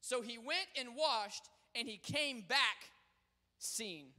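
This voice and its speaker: Young male pastor, very high voice, bright forceful tone, shifts loud to quiet, long hall reverb. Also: expressive, slow pace. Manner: swings between loud proclaiming and quiet storytelling. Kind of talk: sermon.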